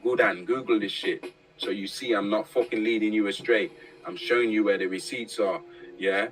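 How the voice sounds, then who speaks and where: A man's voice: lowish voice, steady tone, normal speed, fairly bright tone, rough recording. Swearing slangy man ranting. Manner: profane, slangy, ends points with "yeah?". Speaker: commentator. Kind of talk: casual monologue.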